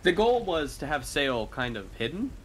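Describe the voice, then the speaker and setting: A man playing a tabletop game, chatting casually with plenty of fillers and quick asides. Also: on the high side, big pitch swings, fairly bright tone, a little hiss or hum. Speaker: player.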